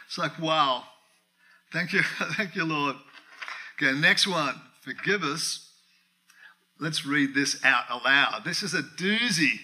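A middle-aged man preaching a sermon, telling a personal story with animated acted-out dialogue and frequent laughter. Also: on the high side, slow, long pauses, rough recording. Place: church.

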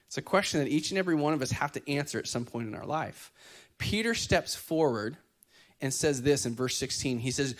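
Lively joking man preaching a sermon. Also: a little high, a little fast. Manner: lively, joking, acts out quoted voices. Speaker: pastor.

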